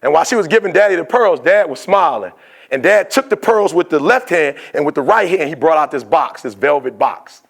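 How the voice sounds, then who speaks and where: Motivational male preacher, fervent storyteller, slightly high voice. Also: expressive, fairly quick, vocal fry.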